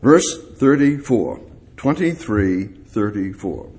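A man preaching a sermon in a halting way, repeating phrases for emphasis, rising on key words and then dropping low. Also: sing-song.

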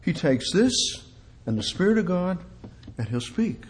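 A man giving an informal sermon in a folksy, repetitive way, often dropping to a hush. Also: high-pitched, sing-song, measured pace. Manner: repetitive, folksy, drops to hushed tones. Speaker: preacher.

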